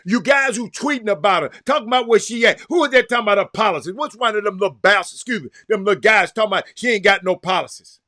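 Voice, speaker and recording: A man's voice: high voice, fast talker, few pauses, sharp tone. A man giving fired-up political commentary, preaching straight to his listeners.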